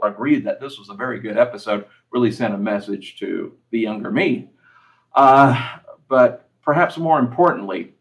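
A man with a somewhat low voice talks casually about an old TV episode. He tells personal anecdotes in a reflective, conversational way, like a host reviewing a show for his audience. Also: rough recording. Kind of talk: casual commentary.

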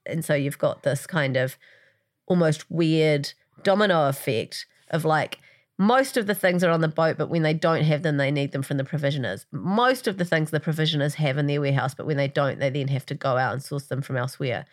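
Deep-voiced woman chatting on a podcast, rambly and jokey. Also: fairly quick. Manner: rambling, joking, animated tangents. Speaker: podcast co-host. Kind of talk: casual recap chat.

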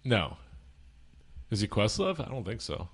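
Low-voiced man with dry teasing quips. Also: very animated, unhurried, breathy edge. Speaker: podcast co-host. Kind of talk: casual sports chat.

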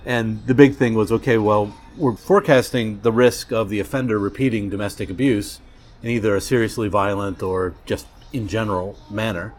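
A man being interviewed as a criminologist in a diner, explaining things in an animated way and acting out little back-and-forth exchanges. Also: fairly low pitch, moderate pace, soft background music. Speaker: criminologist guest. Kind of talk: casual interview.

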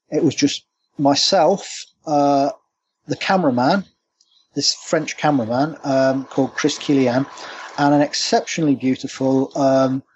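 Man telling animated tales, lo-fi. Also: mid-range voice, slight background noise. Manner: animated anecdotal storyteller. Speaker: cryptozoologist guest. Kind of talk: storytelling interview. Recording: dull lo-fi remote line.

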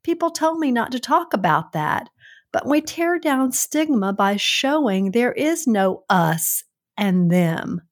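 Slow-talking Southern US woman, middle-aged. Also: on the high side, sing-song. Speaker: podcast co-host. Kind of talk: casual podcast chat.

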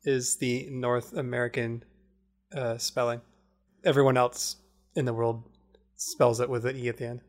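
A man with a mid-range voice chats casually as a podcast co-host. He sounds curious and explains things in a matter-of-fact way as he looks them up. The tone is relaxed and conversational. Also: mid-range voice, moderate pace, pauses often. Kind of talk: casual chat.

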